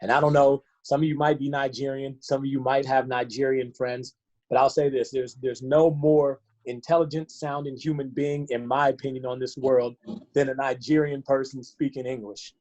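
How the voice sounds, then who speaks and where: A man's voice: medium pitch, level tone, normal speed, a little mellow. A man, a fitness coach, giving a motivational talk over a video call, earnest and fond of rhetorical questions.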